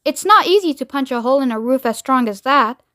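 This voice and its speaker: A woman playing Mister Wonka, high and grandly theatrical. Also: lively intonation, fast talker, bright, forceful tone. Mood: lecturing. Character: eccentric excitable male candy maker, older man.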